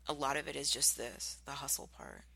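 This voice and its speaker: A podcast host giving an animated motivational talk, acting out contrasting example voices. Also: mid-range voice, a little fast, gravelly, slightly rough.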